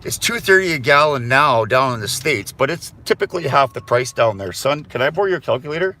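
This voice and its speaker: A man's voice: mid-range voice, expressive, a little fast, pushed and bright. A middle-aged man from Canada chatting casually to his viewers while driving, easygoing and rambling. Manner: easygoing, rambling, swears and apologizes. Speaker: vlogger. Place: inside a car.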